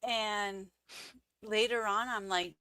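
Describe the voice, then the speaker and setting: Slow-talking woman with bright tone. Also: smooth, dry recording. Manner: animated, acts out quoted voices with big pitch jumps. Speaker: guest. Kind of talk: casual interview storytelling.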